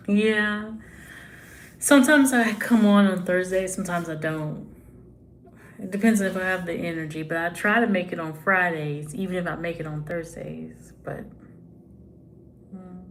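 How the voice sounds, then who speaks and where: Slow-talking woman chatting on a phone stream. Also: on the low side, slight background noise. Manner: slow, relaxed, sympathetic, greets viewers by name. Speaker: tarot reader live-streaming to viewers. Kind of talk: casual live-stream chat reading comments.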